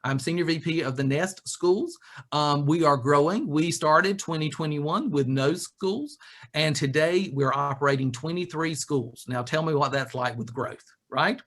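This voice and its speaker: A man speaking over a video call, giving an animated, joking leadership talk. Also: a little high, measured pace. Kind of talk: lively webinar talk.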